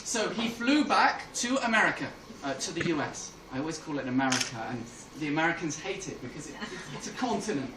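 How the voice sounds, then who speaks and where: A man doing stand-up, telling a long joke and switching into quick voices for the characters in it. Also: fairly high pitch, big pitch swings. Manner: storytelling with put-on voices for characters. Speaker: stand-up comedian. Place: comedy club with audience. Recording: roomy, distant, noisy club recording.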